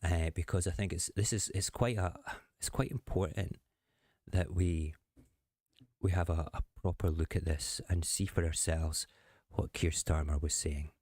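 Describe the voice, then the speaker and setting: A man's voice: low-pitched, steady tone, measured pace, a little mellow. A man hosting a show, chatting casually and sarcastically about politics. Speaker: host.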